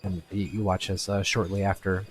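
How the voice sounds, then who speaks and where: A man acting as game master, narrating a tabletop game in a halting way with many fillers. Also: low voice, little pitch movement, a little hiss or hum.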